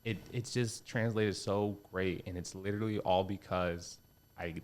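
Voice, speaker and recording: A young man, a comedian guest on a podcast, talking casually and swearing often, lively when he quotes people. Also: sits low, measured pace. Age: young adult. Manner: relaxed, swears a lot, animated quoting voices.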